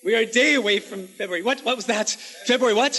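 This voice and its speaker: A man's voice: very high-pitched, fast, sharp tone. A man hosting a comedy show, delivering a campy monologue in a grand, haughty, mock-aristocratic manner with affected French touches. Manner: sprinkles in affected French phrases. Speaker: host of a comedy cable show.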